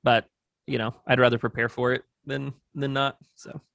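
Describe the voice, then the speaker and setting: A man's voice: mid-range voice, flat delivery, normal speed, vocal fry, fairly bright tone, dry recording, clean studio sound. A man guesting on an interview show, talking through business plans in a thoughtful, rambling way with lots of fillers. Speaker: agency owner, podcast guest. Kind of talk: casual interview talk.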